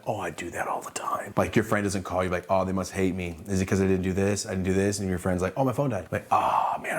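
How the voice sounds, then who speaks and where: Male storyteller, husky and low, animated story-time vlog delivery. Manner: animated, acts out quoted dialogue, swears freely. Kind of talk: casual story-time monologue.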